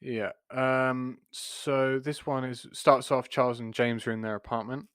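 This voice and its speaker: A man's voice: medium pitch, flat delivery, a little slow, a bit bright, smooth, dry recording. Man recapping a sitcom, dry. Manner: rambling, many restarts, chuckles while retelling. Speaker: podcast co-host. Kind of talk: casual chat recapping a sitcom episode.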